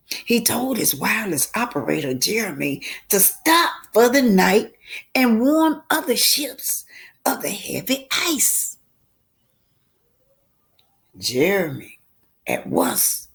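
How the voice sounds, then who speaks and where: Expressive woman reading a novel aloud. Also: mid-range voice, gravelly. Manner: dramatic, voices characters, asides to listeners. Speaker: book club reader.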